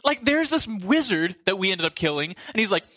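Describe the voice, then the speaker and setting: A man chatting casually about a video game, animated and swearing now and then. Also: high voice, normal speed, dry recording, highs cut off. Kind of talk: casual gaming chat.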